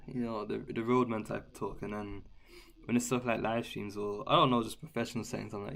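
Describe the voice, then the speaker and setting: A man's voice: on the low side, steady tone, fairly quick, gravelly, fairly bright tone. A man chatting casually with viewers on a live guitar stream and reading their comments aloud.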